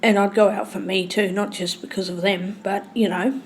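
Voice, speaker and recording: A woman telling a long, rambling story in casual speech, swearing freely and swinging between loud and hushed. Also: mid-range voice, flat delivery, normal speed.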